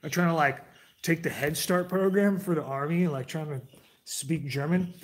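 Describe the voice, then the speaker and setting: Man streaming, slightly raised pitch, rambly off-the-cuff talker who drifts between tangents. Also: moderate pace. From United States. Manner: digressive, restarts sentences, jumps between tangents. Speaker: livestream host. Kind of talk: casual rambling monologue to chat.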